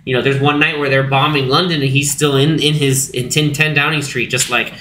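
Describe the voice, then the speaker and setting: A young man chatting about a film on a podcast, lively and full of fillers, often jumping into squeaky impressions of the characters. His voice is bright and forward, and the room around him rings with echo and a faint hiss. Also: brisk. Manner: animated, acts out characters in high put-on voices, many fillers. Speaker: podcast co-host. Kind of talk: casual movie discussion. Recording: echoey room with faint background noise.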